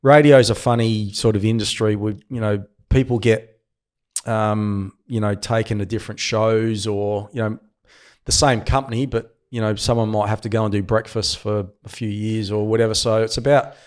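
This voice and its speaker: A man's voice: lowish voice, normal speed. A man in his early fifties with an Australian accent, a former cricketer turned commentator, chatting casually as a guest and laughing at his own stories. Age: 50s. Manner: relaxed storyteller, laughs at himself. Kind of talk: casual interview chat.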